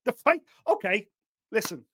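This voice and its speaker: A man hosting a fight podcast, talking casually in an animated storytelling way. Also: high-pitched, moderate pace, breathy edge. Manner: animated, lively storytelling with mock voices. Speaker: podcast host. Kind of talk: casual chat.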